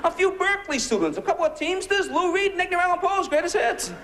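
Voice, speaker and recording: Amid heavy background noise, a man with a very high-pitched, expressive voice speaks fast. He's a US stand-up comedian doing a sarcastic, biting set at a comedy club, throwing out punchy rhetorical questions to audience laughter.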